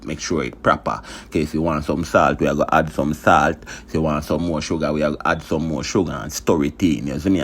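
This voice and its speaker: A man with a Jamaican accent narrating his home cooking in a laid-back way, repeating his catchphrases. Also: very deep voice. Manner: laid-back patois, repeats "you see me, I say". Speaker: home cook vlogger.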